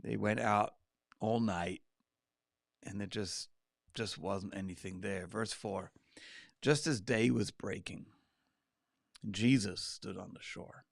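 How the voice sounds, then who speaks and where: Gravelly man teaching a Bible study. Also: on the low side, slow, pauses often, no room sound, clean studio sound. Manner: animated, acts out quoted lines with asides.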